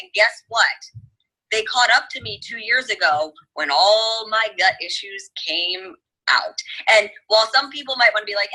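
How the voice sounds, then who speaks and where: A woman's voice: mid-range voice, lively intonation, moderate pace, sharp tone, husky, rough recording. A woman hosting a casual chat, talking emphatically and turning to address her listeners directly. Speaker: host.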